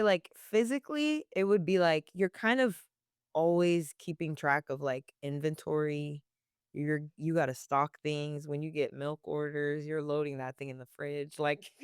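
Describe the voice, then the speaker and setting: A woman's voice: deep voice, unhurried, clean tone, dry recording, clean studio sound. A young woman working as a barista, answering interview questions casually with many "like" fillers and frequent laughs.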